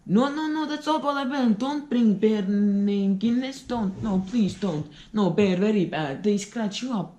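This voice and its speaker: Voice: medium pitch, unhurried, few pauses, warm tone, pitched above the performer's own voice, close to an everyday voice. A speaker voicing a frightened foreign man in a bar who pleads in broken English, repeating no and please. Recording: roomy echo.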